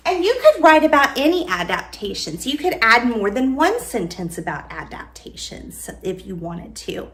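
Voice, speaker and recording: Woman teacher with a higher voice, recorded lesson, dictates slowly and deliberately. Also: sing-song. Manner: slow, deliberate, dictating sentences word by word.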